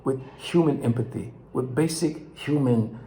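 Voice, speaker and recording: An older vlog host from Los Angeles, California, speaks directly to his viewers in an impassioned, unhurried monologue. Anger pushes his voice high, near shouting, then it drops low and quiet as he reflects, with slight background noise.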